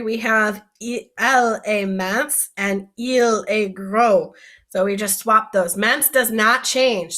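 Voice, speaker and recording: A woman's voice: medium pitch, bright, forceful tone. A woman, a French teacher, giving a recorded vocabulary lesson and explaining each word patiently while asking her students questions.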